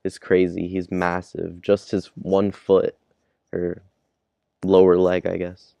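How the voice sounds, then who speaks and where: A man's voice: deep voice, monotone, takes it slowly, vocal fry, no echo, highs cut off. A man casually reviewing a manga chapter, laid-back, chuckling and thinking aloud. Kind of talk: casual chapter read-along.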